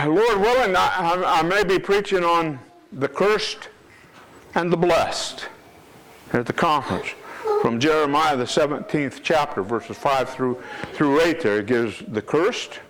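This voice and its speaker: A man's voice: a little high, measured pace, fairly bright tone, a little hiss or hum, rough recording. A man preaching a sermon with emphasis, reading scripture aloud and repeating his words.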